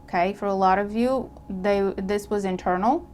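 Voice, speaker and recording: Animated woman giving a tarot reading. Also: medium pitch, moderate pace, a little hiss or hum. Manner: animated, acts out imagined dialogue; checks in with listener, repeats herself. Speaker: tarot reader. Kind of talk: casual tarot reading to camera.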